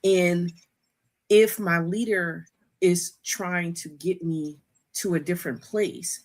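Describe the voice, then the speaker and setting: A woman's voice: on the low side, steady tone, slow pace. A woman who is a guest counselor in an interview, making thoughtful points about support in church. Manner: affirming with frequent mm-hmms, then thoughtful questions. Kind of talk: conversational interview.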